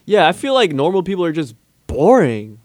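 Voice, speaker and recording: Young man, casual student chat, animated, slightly high pitch, dry close sound. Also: dry recording. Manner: animated, breaks into quick impressions.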